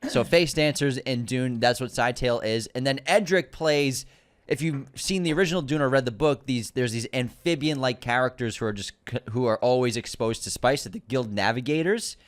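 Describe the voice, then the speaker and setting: A man with a Boston accent, mid-pitched, chatting eagerly about films as a podcast co-host. He explains things at length and sometimes trips over names, his energy often rising when something excites him. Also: a little fast, smooth. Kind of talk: casual movie news chat.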